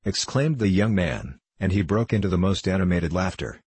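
A man reading a classic novel aloud in a measured, unhurried way, with a husky voice. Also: deep voice, very animated, no echo. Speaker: audiobook reader.

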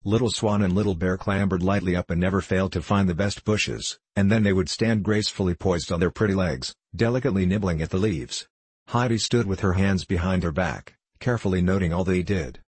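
A man reading a children's story aloud in a steady, measured narration. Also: sits low, slightly rough, dry recording. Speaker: audiobook reader. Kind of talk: scripted narration of a children's classic.

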